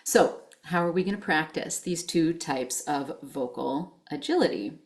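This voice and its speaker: A woman's voice: deep voice, expressive, unhurried. A woman voice teacher giving a vocal exercise lesson, explaining patiently and encouraging her students.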